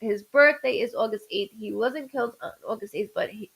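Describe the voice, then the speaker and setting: A woman's voice: fairly high pitch, a little fast, creaky, fairly bright tone, slightly rough, rough recording. A woman doing a live-streamed psychic reading as a medium, rambling with stammered restarts and greeting viewers by name.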